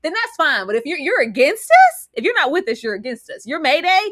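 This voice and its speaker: Woman host, live chat show; lively, high-ish and bright, acts out the lines she quotes. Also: fairly quick, no room sound, studio quality. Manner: animated, acts out character lines. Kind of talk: casual live show discussion.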